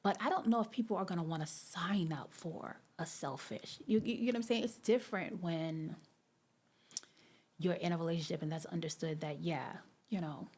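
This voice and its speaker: Woman podcast host, deep and a little raspy, chatty reflective monologue with lots of "you know.". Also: normal speed, a little mellow. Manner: conversational, many fillers and asides to listeners.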